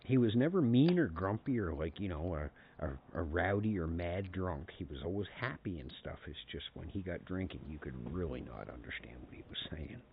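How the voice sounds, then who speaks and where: A man's voice: low voice, expressive, moderate pace, hardly any pauses. A man from Canada telling rambling family stories on a casual game stream, chuckling often. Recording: tinny phone-like sound, faint noise.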